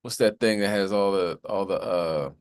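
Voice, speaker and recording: Male host, lowish pitch, casual rambling commentary, slangy, dry close sound. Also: normal speed, smooth, no room sound. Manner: rambling, slangy, with a habitual "you know what I mean".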